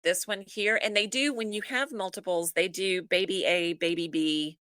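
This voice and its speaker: Lower-voiced woman telling a story. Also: moderate pace, dry recording. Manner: animated storyteller who acts out family dialogue. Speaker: podcast guest. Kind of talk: casual storytelling in conversation.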